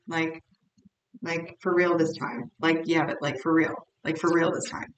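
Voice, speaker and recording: A tarot reader speaks in a low, fairly monotone, slightly slow voice, blunt and chatty and repeating herself. The sound is roomy with echo, the mic is distant, and there's faint noise.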